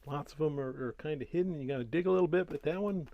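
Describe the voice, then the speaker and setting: A man explains Bible chapters in a relaxed, folksy way and often restarts his sentences. His voice sits a little high for a man. The recording is dry and slightly dull. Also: quick pace, dry recording. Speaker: Bible reading host. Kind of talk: casual Bible teaching and scripture reading.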